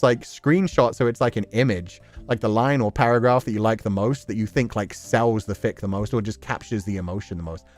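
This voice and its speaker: A livestream host with a mid-range, somewhat dark voice chats loosely with his viewers and reads their messages. His talk is full of fillers and he laughs often.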